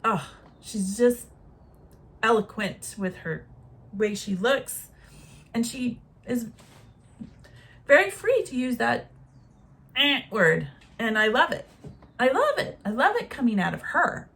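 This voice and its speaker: A slow, unhurried woman in her forties speaks straight to her viewers, musing and frank in a motherly way. Her voice is gravelly with a husky edge, and she takes her time over each thought. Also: on the high side, big pitch swings, a bit bright. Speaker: vlogger. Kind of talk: casual reflective monologue.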